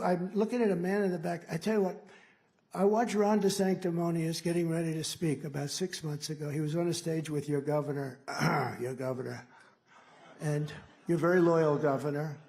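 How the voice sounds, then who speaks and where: In a large indoor rally hall, a US political candidate in his seventies rambles and brags through a campaign speech at the podium mic, with mocking asides along the way. His voice is high but dark in tone.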